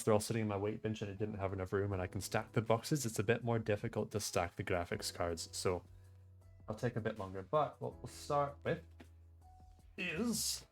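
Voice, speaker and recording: Young male streamer, lowish voice, loose and profane, faint music under him. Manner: loose, swearing, rambling tech explanations. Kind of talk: casual live-stream chat, reading chat aloud. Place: home room.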